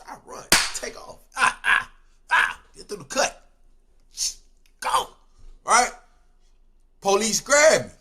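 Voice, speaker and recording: Using laid-back slang, a young man relates a story from the street, his voice lurching from loud bursts to quiet mumbling.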